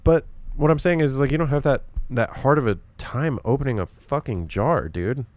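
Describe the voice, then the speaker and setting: A man's voice: medium pitch, normal speed, a little mellow, no room sound. A young man talking in a rambling, profane way with lots of fillers, hosting a casual solo podcast.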